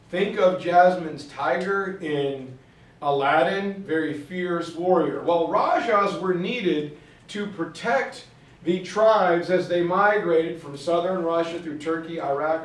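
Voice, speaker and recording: A male teacher giving a jokey, animated history lecture in a classroom, picked up by a distant camera mic. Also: high-pitched. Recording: echoey classroom from far off.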